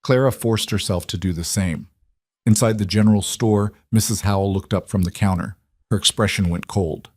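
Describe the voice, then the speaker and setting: Male narrator for a western audiobook: measured, deliberate, low voice. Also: a little mellow, dry recording, studio quality. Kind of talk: scripted western story narration.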